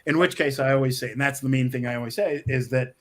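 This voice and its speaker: A man's voice: mid-range voice, fairly even intonation, fast, fairly bright tone. A middle-aged man, a screenwriter guest, chatting casually and rambling with many restarts and small laughs. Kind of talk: casual interview talk.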